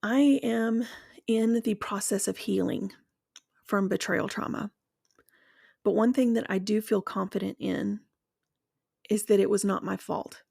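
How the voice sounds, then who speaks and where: A woman speaking in a slow, measured, earnest reflective monologue, walking the listener through guided imagery and then sharing her own experience. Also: mid-range voice, fairly even intonation, gravelly, a little mellow, slightly rough, no echo, clean studio sound.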